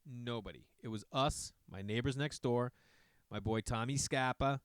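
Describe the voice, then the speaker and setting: A man telling a long personal story in a casual, animated way, swearing often and jumping into asides. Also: medium pitch, normal speed, smooth, no echo.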